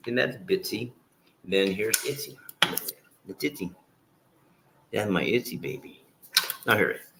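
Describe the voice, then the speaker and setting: Heavy background noise surrounds this man's low, slightly slow voice, which has vocal fry and frequent pauses. He's a middle-aged vlogger livestreaming with his dogs, meandering through casual talk with occasional swearing, loud scolding, and prayer.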